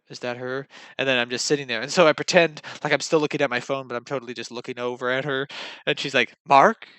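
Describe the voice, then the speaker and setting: Telling dating stories casually in a vlog monologue, a young man wanders from point to point, teasing himself and acting out others' words. His medium-pitched voice is sharp, with no room sound.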